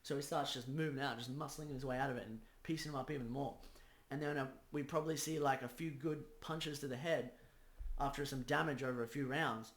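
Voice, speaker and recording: A man's voice: medium pitch, steady tone, a little fast, echoey room. A man giving a casual fight breakdown, acting out scenarios play by play. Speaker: combat sports analyst.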